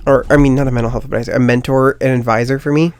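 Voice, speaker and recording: A young man hosts his own podcast, rattling off a rambling, self-deprecating personal story full of fillers at a very fast pace. His mid-pitched voice stays fairly even, and the sound is clean with no room noise.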